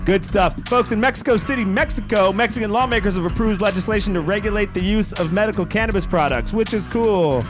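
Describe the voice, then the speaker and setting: A man with a fairly high voice hosts a podcast, running through news in a loose, joking style and cursing often. Music plays clearly underneath him. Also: fast, hardly any pauses. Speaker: podcast host. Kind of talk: casual news roundup on a podcast. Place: podcast studio.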